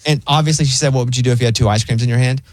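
A man chatting casually as a show host, an animated storyteller who acts out the lines he quotes. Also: medium pitch, racing, no echo.

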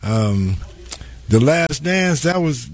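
A man's voice: medium pitch, sing-song, slow. A man who is a guest and former pro basketball player, talking in a laid-back, slangy way and telling stories as he goes. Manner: laid-back, slangy, "you know what I'm saying". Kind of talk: casual interview chat.

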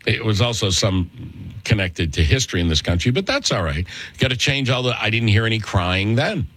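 A man hosting a political talk radio show, speaking in a sarcastic, mocking tone with sudden jumps up in pitch. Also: animated, brisk, a bit bright.

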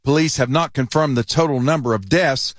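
A man reporting a news story for radio, reading it in a measured, serious way. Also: medium pitch, dry recording, clean studio sound.

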